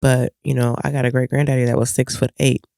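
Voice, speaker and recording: A woman's voice: a bass voice, quick pace, vocal fry, no echo, clean studio sound. A middle-aged woman co-hosting a casual chat, telling family stories and acting out her kids' lines. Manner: animated storytelling, acting out family members' lines. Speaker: co-host.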